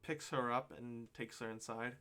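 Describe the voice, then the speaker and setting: Male game master, mid-pitched, hesitant narration full of fillers. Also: steady tone, moderate pace, fairly bright tone, smooth. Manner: hesitant, lots of ums and uhs.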